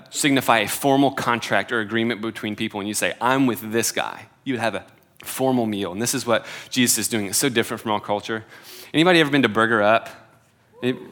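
A man's voice: mid-range voice, a bit bright. A man in his twenties preaching a sermon in a casual, conversational way, with many filler "like"s and self-deprecating humor. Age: 20s.

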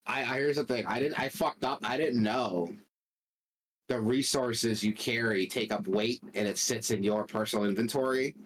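A young man on a gaming podcast, chatting excitedly and rambling, with frequent swearing. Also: medium pitch, normal speed, husky, low-quality recording. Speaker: podcast co-host. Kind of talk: casual gaming chat.

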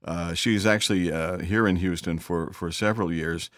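Man, podcast host, very low voice, hesitant chatty delivery, dry studio sound. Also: fairly even intonation, moderate pace, fairly bright tone, dry recording. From northern US, Great Lakes area. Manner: chatty, hesitant with many uh fillers. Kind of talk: casual interview chat. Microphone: studio microphone.

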